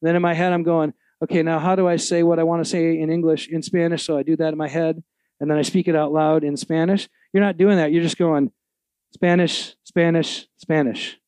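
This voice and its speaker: A man's voice: on the high side, flat delivery, fast, mellow, clear, resonant tone, no room sound. A middle-aged man preaching a live sermon to an audience, fervent and emphatic, asking the crowd rhetorical questions. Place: live event before an audience.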